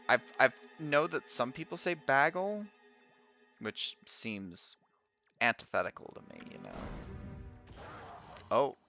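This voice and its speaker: Young man, Midwestern accent, game streamer, bright tone, very animated pitch, unhurried, faint game music behind. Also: dull audio. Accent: Midwestern American. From American Midwest. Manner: chatty, laughs often, trails off while reading. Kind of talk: casual chat while streaming a game.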